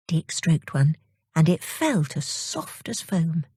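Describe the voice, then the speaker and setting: A woman reading children's stories aloud in a slow, expressive storytelling manner. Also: sits low, husky, no echo, clean studio sound. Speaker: audiobook reader.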